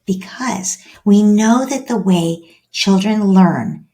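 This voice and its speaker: A woman who is a parenting expert, speaking as a guest in a podcast interview. She speaks in an animated way and acts out little parent-child scenes. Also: mid-range voice, takes it slowly.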